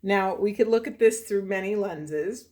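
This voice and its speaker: A woman's voice: mid-range voice, unhurried, a little mellow. A woman talking through a spiritual tarot reading for her viewers, emotional and often correcting herself as she goes. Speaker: tarot reader.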